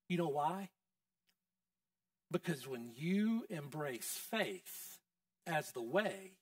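High, lively pastor preaching. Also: male voice, dry recording, studio quality, distant mic. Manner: conversational, quizzing the congregation. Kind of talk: sermon. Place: church.

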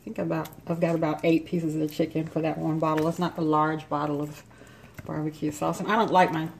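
A home cook with a low, creaky voice talks fairly quickly and flatly as she walks through a recipe step by step, her mouth still numb from the dentist. The casual demonstration is chatty, with clatter and noise from her home kitchen in the background.

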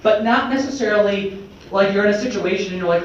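A man in his twenties giving an energetic, conversational motivational speech to students as a state representative, often checking in with "right?". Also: sits high, fast talker, distant mic, slight background noise. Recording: echoey hall, mic from afar, dull.

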